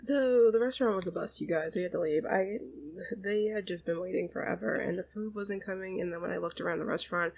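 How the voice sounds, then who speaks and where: A woman's voice: on the low side, fast talker, gravelly, darkish tone, rough recording. A woman hosting a let's play, narrating a life sim game in a chatty, exasperated way.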